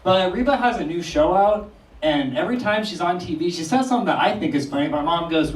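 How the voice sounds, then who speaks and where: A young man performing a stand-up comedy set on a small theater stage, telling animated stories and firing off incredulous questions. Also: high-pitched, normal speed, a little hiss or hum. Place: small theater stage before a live audience. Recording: distant roomy mic with crowd laughter.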